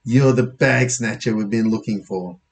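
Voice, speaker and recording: A man doing a smug, gruff police officer. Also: on the low side, moderate pace.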